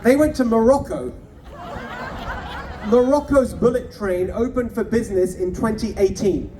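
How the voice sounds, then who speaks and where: A man's voice: very high voice, measured pace, warm tone, far from the mic, some chatter behind, slight background noise. A man giving a punchy, mocking campaign rally speech, firing off rhetorical questions at an outdoor rally. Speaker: political candidate.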